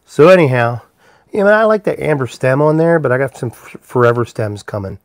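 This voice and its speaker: Animated and a little fast, a mid-range male voice rambles through a casual workshop livestream as he makes pipes. He's easygoing and talks to chat viewers by name, with no room sound.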